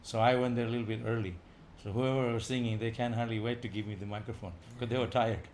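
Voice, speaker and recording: Visiting speaker, male, energetic informal class, light background noise. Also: medium pitch, fast. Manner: animated, rising loud for emphasis, chuckling.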